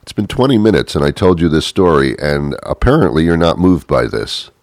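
A man's voice: rumbling low, sing-song, a little fast, a little mellow, no room sound, clean studio sound. A man telling rambling comic stories in a wry, hesitant way, full of filler words.

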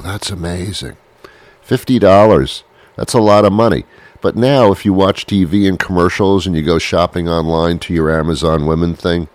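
A man's voice: low-pitched, dry recording. A man hosting a comedy show, rambling through a playful, self-mocking monologue full of restarts.

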